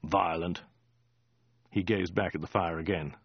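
A man narrating a comic story in a dry, deadpan way. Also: lowish voice, moderate pace, dry recording, lo-fi sound. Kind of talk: audiobook reading.

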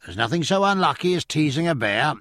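A man doing a rough cheerful English sailor. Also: on the high side, sing-song, a little fast, a bit bright, dry recording, studio quality, voice pushed up. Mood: earnest. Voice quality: rough, salty, swearing. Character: cheerful burly English sailor, superstitious, coarse.

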